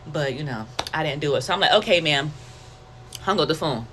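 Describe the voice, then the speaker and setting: This woman's voice sits low and moves fairly quickly over a slight hiss or hum. A testimony vlogger, she tells her faith story candidly and conversationally, bringing it to life by acting out what she was thinking.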